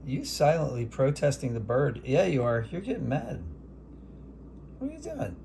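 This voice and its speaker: A man watching birds, talking to them softly and teasing them in a casual way. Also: medium pitch, big pitch swings, moderate pace, gravelly, noisy background. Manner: soft, teasing, talks to birds. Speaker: backyard bird watcher. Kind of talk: casual talk to animals.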